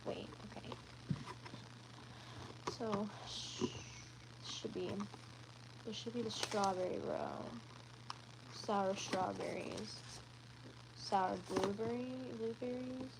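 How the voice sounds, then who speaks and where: A woman chatting casually on a live stream, rambling along with frequent ums and quick self-corrections. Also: a little high, steady tone, noisy background. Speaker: livestreamer.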